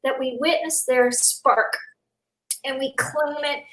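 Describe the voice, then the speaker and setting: Older woman host, earnest and gentle, a bit high, roomy and distant sound. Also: steady tone, slow pace. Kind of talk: casual conversation. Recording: echoey, distant from the mic.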